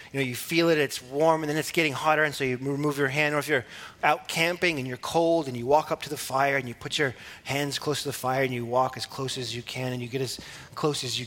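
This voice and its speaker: Man giving a relaxed Bible teaching. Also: medium pitch. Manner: relaxed and conversational, with small laughs and restarts.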